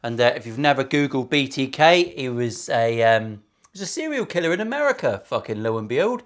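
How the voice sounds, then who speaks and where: A man's voice: medium pitch, sing-song, a little fast. A man, a luthier chatting casually and sarcastically while building a guitar in his workshop, swearing freely.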